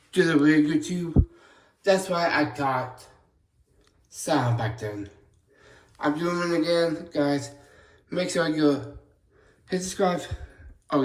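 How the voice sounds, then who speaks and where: A man talking casually to camera as a vlogger, rambling and often restarting and correcting himself mid-sentence. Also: fairly high pitch. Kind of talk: casual vlog chat to camera.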